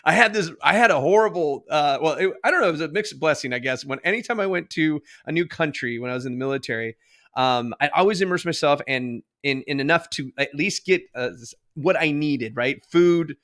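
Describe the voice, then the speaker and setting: A man's voice: a little high, lively intonation, brisk, fairly bright tone. A man hosting a podcast, chatty and self-deprecating, laughing easily as he talks with his guest. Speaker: podcast host. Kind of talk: casual interview chat.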